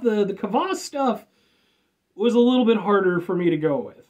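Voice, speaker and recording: A man's voice: high-pitched, lively intonation, moderate pace, darkish tone. A man from the United States doing a casual, rambling drink review with jokes and offhand swearing.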